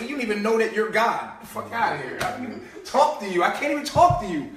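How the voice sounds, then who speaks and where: A man with a high voice talks in a loose, streetwise live-stream rant, full of swearing and mockery. He drops to low mutters, then bursts out loud. He sounds far from the mic, in a room with a lot of echo. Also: very animated, a little fast, few pauses. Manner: streetwise, profane, mocking, swings between low mutters and loud outbursts. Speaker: host. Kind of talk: casual live-stream monologue.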